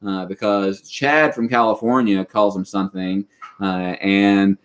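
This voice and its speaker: This livestream host is a Kentucky man in his thirties, from the western part of the state, with a Southern accent and a lowish, steady voice. His pace is measured, and his casual chat rambles with plenty of fillers.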